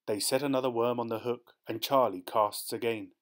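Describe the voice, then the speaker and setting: A man reading a children's storybook aloud in a steady, clear voice. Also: medium pitch, normal speed. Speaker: storybook narrator.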